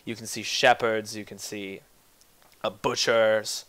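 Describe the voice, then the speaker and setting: A man's voice: lowish voice, level tone, slow pace, a bit bright. A young man narrating as game master of a tabletop game, casual and profane.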